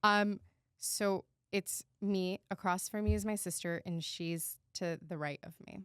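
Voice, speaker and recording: Candid, animated woman podcast co-host. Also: medium pitch, a little slow, clean tone, no echo, studio quality. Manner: animated and candid, swears freely. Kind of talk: casual storytelling chat.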